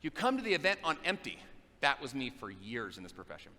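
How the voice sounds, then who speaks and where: A middle-aged man giving an energetic motivational speech on stage at a business event, repeating phrases in a driving, emphatic rhythm. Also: medium pitch, quick pace. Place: large event hall, live on stage. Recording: echoey hall, faint ambience.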